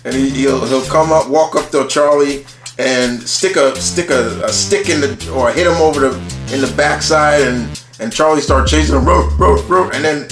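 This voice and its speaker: A man's voice: medium pitch, fairly even intonation, moderate pace, echoey room, music in the background. A man casually talking through a ranked list of favourite cartoon characters, rambling and restarting often, with casual swearing. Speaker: channel host ranking cartoon characters.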